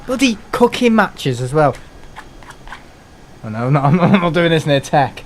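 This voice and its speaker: A man's voice: on the high side, big pitch swings, a little slow, long pauses, a little hiss or hum. A young man streaming a game, rambling casually, joking, swearing and laughing often. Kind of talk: casual live-stream chat.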